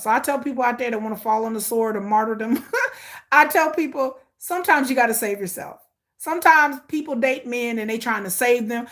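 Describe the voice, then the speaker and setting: With a fairly high-pitched voice and a brisk pace, this woman chats casually with viewers as a commentary vlogger. Her storytelling is animated, and she performs the quotes herself.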